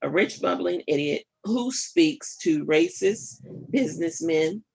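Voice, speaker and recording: Gravelly, husky woman radio host. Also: fairly low pitch, lively intonation, darkish tone. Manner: emphatic, rhetorical, addresses listeners directly; thinks aloud with fillers and pauses. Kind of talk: live political commentary.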